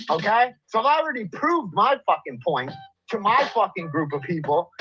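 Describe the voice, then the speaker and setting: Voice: mid-range voice, a bit bright, rough recording. A livestreamer in the middle of an angry rant, profane and repetitive, and out of breath.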